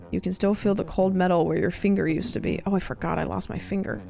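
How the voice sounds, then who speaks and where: A woman's voice: lowish voice, fast talker, gravelly, few pauses, mellow, faint music behind. A young adult woman streaming a horror game, joking casually and reading the game text aloud. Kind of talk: casual gameplay commentary.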